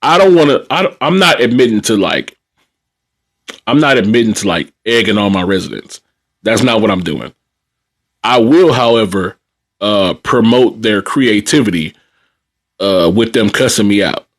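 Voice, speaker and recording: A man's voice: fairly low pitch, animated, normal speed, pauses often. A man, a nursing assistant telling funny work stories on a casual livestream, laughing often and talking in slang.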